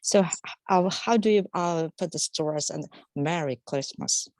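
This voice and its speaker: A woman's voice: sits low, a little slow, darkish tone, no room sound. A woman student on a video call, asking a hesitant question and laughing a little.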